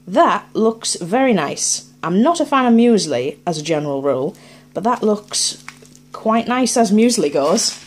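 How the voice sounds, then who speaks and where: A woman's voice: medium pitch, very animated, unhurried. A woman, chatting casually as she unboxes items on her vlog and thinks aloud in a playful way. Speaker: unboxing vlogger.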